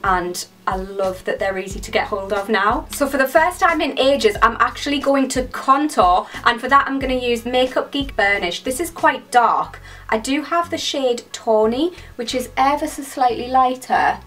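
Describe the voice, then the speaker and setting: A young British woman chatting excitedly through a makeup tutorial in a gushing, chatty way. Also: a little high, normal speed. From United Kingdom. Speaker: beauty vlogger.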